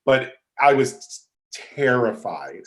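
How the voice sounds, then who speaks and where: A man's voice: medium pitch, takes it slowly. Middle-aged guy spilling backstage stories on a podcast, plain mid voice, jumps into other people's voices. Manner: animated, acts out quoted voices. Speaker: podcast guest. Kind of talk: casual storytelling.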